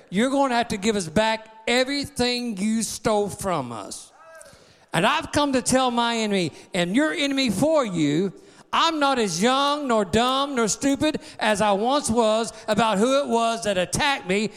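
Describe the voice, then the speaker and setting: A man's voice: very high-pitched, expressive, a little slow, a bit bright. A man preaching a sermon, declaring and repeating calls to the congregation with a drawling folksy grammar. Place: church sanctuary. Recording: long reverb in a church hall.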